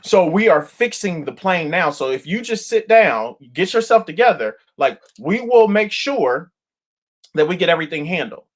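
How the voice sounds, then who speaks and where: A man's voice: sits high, sing-song, moderate pace. A man voicing a weary, polite female airline gate agent who apologizes and soothes. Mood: soothing.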